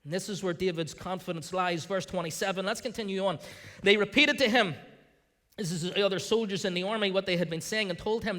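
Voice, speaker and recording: A male pastor preaching a sermon in a church, animated, acting out the voices of the people in the scripture. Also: high-pitched, a little fast, long reverb tail. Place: church sanctuary.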